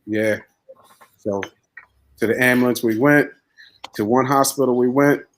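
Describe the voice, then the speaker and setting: A man who is a podcast guest, telling his own story in a plain, low-key way. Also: steady tone, a little slow. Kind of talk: casual chat.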